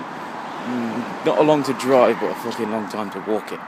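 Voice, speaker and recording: Walking home along a street at night, a slightly tipsy young English vlogger in his twenties rambles into the phone in his hand, swearing constantly. His medium-pitched voice has lively intonation and a moderate pace, with hardly any pauses. Faint traffic passes in the background.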